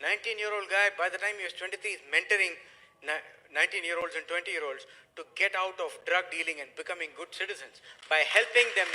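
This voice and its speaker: A middle-aged man giving a motivational business talk, emphatic and preachy, swinging between loud and hushed. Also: high voice, fast, background noise. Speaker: motivational speaker.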